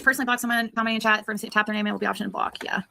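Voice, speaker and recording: A woman streamer talking casually on a livestream, rambling and halting. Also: a little high, level tone, creaky, bright, forceful tone, a little hiss or hum.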